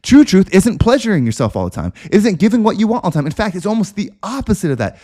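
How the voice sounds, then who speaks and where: A man's voice: sits high, big pitch swings, fast, mellow. A man hosting a podcast, delivering an intense, repetitive motivational monologue with preacher-like emphasis. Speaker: podcast host.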